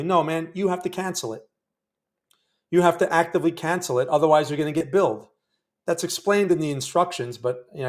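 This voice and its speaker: A man hosting a live day trading stream, chatting wryly with viewers about the trades he is making. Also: a little high. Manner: chatty, wry, talks to viewers while trading. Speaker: day trading livestream host.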